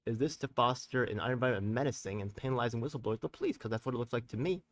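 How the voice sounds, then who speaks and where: A man's voice: mid-range voice, very fast, far from the mic. A New man holds forth on a live stream in a mid-range voice, swearing freely and slipping into street slang. He rambles between points, fires off questions at his viewers and circles back to his anger. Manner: talks straight to viewers with tag questions. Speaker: community activist and live-stream host.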